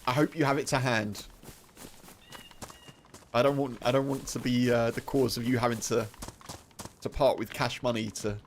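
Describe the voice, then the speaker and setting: A man's voice: medium pitch, steady tone, moderate pace, pauses often, a little hiss or hum. A British man chatting casually while streaming a game, rambling, laughing and full of fillers.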